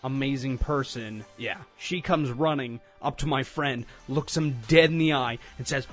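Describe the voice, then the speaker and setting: A man's voice: mid-range voice, normal speed, over music. A young man from Canada telling a story to his viewers, rambling with lots of fillers and frequent laughter. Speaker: storytime vlogger. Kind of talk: casual storytelling.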